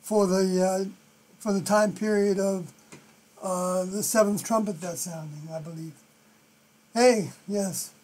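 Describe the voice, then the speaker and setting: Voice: medium pitch, fairly even intonation, takes it slowly, a little mellow. New York accent, live stream host, rambling, thinking aloud, trailing off. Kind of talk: livestreamed scripture commentary.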